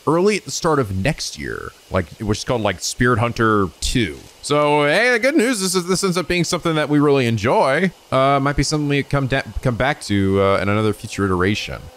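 A man hosting a let's play, chatting excitedly and a little ramblingly as he introduces a new game. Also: fairly quick, hardly any pauses. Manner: voices quoted people in a raised pitch. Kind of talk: casual gaming commentary.

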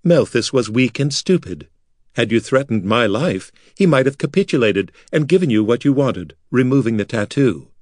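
A man voicing a cruel, scheming male noble who mocks his enemies in a smooth, theatrical manner. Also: mid-range voice, animated, normal speed, darkish tone, dry recording, studio quality, lightly acted. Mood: mocking menace.

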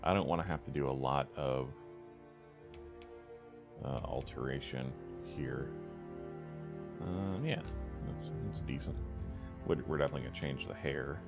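Man, very low voice, gravelly fry, relaxed joking gameplay commentary. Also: measured pace, pauses often, music in the background. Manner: relaxed, joking, lots of ums and uhs. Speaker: let's play host.

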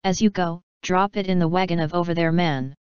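A woman's voice: fairly low pitch, fairly even intonation, brisk, clean tone, no room sound, highs cut off, natural voice. A woman reading a story aloud voices a lustful, scheming king who barks orders. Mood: scheming, commanding. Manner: commanding.

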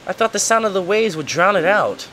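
A man's voice: high voice, lively intonation, a little fast, pitched above the performer's own voice. Man doing a polite British plant-creature boy. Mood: chatty. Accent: put-on British. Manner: gentle, polite and earnest. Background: game music.

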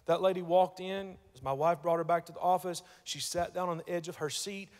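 A man preaches to his congregation, his voice sitting a little high for a man and carrying a long hall reverb. He tells a story and doubles words as he starts. He drops to near hush and then rises to loud emphasis. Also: fairly even intonation, brisk. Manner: storytelling, repeats words when starting, swings from hushed to loud. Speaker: pastor. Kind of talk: sermon. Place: church sanctuary.

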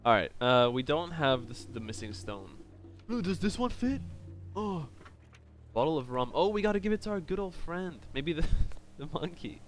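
A man's voice: on the high side, very animated, normal speed, a little hiss or hum. A man streaming a game live, joking and chatting playfully with viewers. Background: game music.

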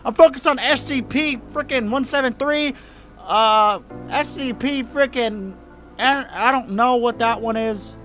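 A man's voice: very high-pitched, measured pace, a bit bright, soft background music. A young man doing let's play commentary on a horror game, jumpy and swearing, screaming when scared. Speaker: gaming YouTuber.

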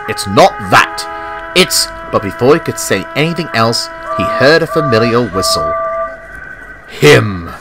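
Man narrating a storybook, expressive. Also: medium pitch, background noise. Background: music.

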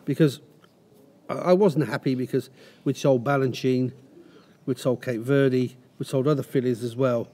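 A man's voice: medium pitch, steady tone, normal speed, dark tone. A middle-aged man, a racehorse trainer, telling rambling anecdotes in a casual interview. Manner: rambling anecdotes with restarts and acted quotes.

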